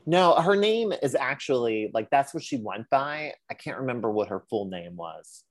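A man co-hosting a casual podcast, talking in an animated and loose way, with cursing and playful sassy voices when he quotes people. His voice sits at a middle pitch, and the close mic gives a dry sound with no room echo. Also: normal speed. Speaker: podcast co-host.

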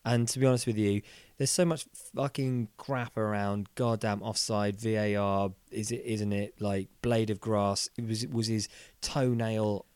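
Animated man, swearing football chat. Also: fairly low pitch, measured pace, hardly any pauses, clear, resonant tone, no echo. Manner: animated, laughing, swearing, lively mock voices. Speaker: football podcast co-host. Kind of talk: casual chat.

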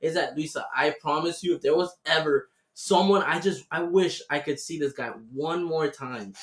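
A man's voice: fairly high pitch, moderate pace. Young man ranting in a roomy echo. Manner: animated storytelling with heavy swearing. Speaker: podcast host. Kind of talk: casual chat.

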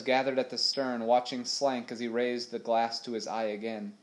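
Man, teacher, reading aloud to kids, steady storytelling. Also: mid-range voice, moderate pace, hardly any pauses, low-quality recording. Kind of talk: reading a chapter book aloud to children.

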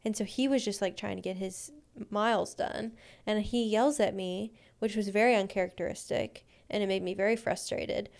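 Smooth-voiced woman telling an animated story. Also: mid-range voice. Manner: animated, fast anecdotes full of "like". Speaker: podcast co-host. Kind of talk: casual storytelling chat.

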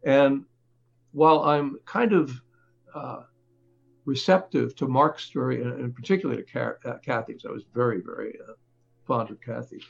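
A man who writes and reports, talking as an interview guest, halting often, with fillers and restarts. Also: medium pitch, steady tone, creaky, dull audio. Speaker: author and reporter.

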